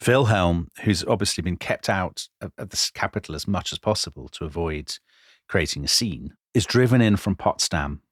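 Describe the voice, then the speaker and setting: A man co-hosting a podcast, telling history in a lively conversational way and acting out quoted lines. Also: sits low, moderate pace, no echo, clean studio sound. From Britain. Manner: animated, dramatizing quotes with voice changes. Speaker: podcast co-host.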